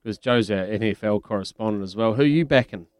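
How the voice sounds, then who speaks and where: Chatty low-voiced male radio host. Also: fast talker, darkish tone, smooth, no room sound. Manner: chatty, laughs often, teasing. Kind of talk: casual radio chat.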